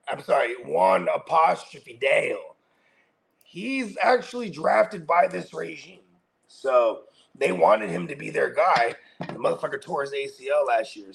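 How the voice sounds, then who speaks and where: A man's voice: on the high side, vocal fry, a bit bright. A man in casual, profane, slangy chat as a co-host on a fantasy football show.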